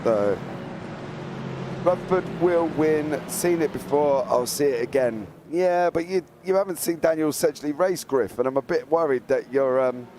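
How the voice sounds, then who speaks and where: A man commentating a live online sim race, chatty and jokey, lifting into excited play-by-play calls. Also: a little high, measured pace, a little hiss or hum.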